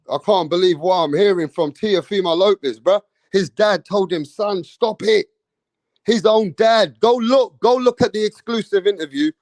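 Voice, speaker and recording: A man giving casual boxing commentary, excitable and slangy, repeating himself for emphasis. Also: sits high, dry recording.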